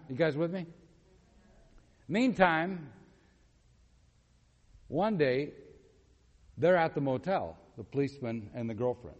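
A man's voice: mid-range voice, muffled recording. A man preaching a sermon, telling a story, acting out the quotes and asking the congregation questions. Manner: animated, acts out quotes, asks the audience questions. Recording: long hall reverb.

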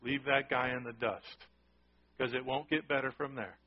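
A man's voice: mid-range voice, fairly even intonation, moderate pace, breathy edge, muffled recording. A man preaching a sermon, talking conversationally and often asking the congregation questions. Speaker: pastor.

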